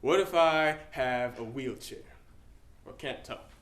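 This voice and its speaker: A young man playing a middle-aged pastor with ALS, shifting between wry humor and quiet gravity, performed on a stage in an echoey hall. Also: mid-range voice, slow pace, voice pushed down. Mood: somber. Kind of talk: dramatic interpretation performance.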